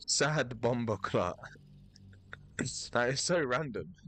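A man giving playful, animated commentary while playing a video game, thinking aloud and repeating himself. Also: mid-range voice, extremely slow, slightly rough. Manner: animated, playful, sudden loud outbursts. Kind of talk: live gameplay commentary.

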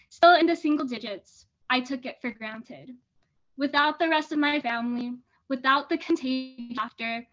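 High-voiced teenage girl reading her essay. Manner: earnest, steady reading with small restarts. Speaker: student reader. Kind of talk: reading a personal essay aloud. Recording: dull lo-fi sound.

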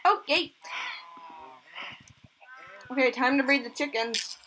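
A woman hosting a let's play, giving excitable commentary and gushing over cute animals. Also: high-pitched, slow pace, a little hiss or hum, poor audio. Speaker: gaming channel host.

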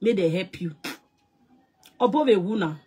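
A Nigerian woman, an actress and producer, scolding someone loudly on a live stream and mixing in Pidgin English. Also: expressive, moderate pace, husky. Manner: loud and scolding, mixing Pidgin English, big swings in pitch and volume.

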